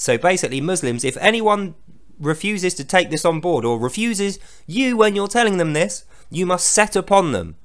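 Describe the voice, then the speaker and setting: A man's voice: high-pitched, big pitch swings, normal speed. A man giving sarcastic, profane commentary on a scripture reading. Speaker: host.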